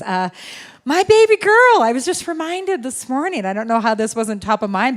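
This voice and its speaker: A middle-aged woman from Alberta, Canada, preaching into a microphone in a large church. Her voice sits a little high, and she talks in a chatty way, laughs often and jokes about herself. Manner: chatty, laughing, self-deprecating asides. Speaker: guest preacher. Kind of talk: sermon opening remarks. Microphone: handheld or stage microphone.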